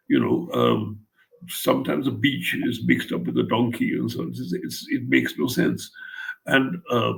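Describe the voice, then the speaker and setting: A man's voice: medium pitch, measured pace, creaky, low-quality recording. An older man from India, an author telling a blunt, wry story in an interview and acting out the quotes. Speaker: author interviewed about his translations.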